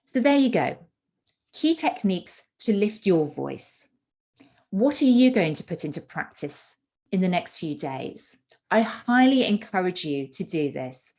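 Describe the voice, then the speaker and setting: Woman coach with an unhurried, deliberate delivery who stresses her keywords in a teaching talk. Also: lowish voice, a little mellow. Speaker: communication coach. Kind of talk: instructional talk.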